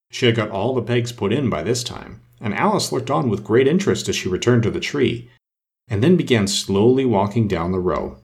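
A man narrating a children's story aloud with an expressive reading. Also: fairly low pitch, a little fast.

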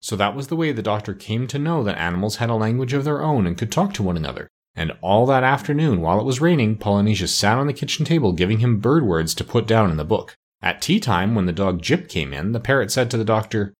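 A man reads a children's storybook aloud with a husky voice. His pitch moves in a lively way, with a steady, expressive delivery. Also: quick pace, few pauses. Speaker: audiobook reader. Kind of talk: storybook narration.

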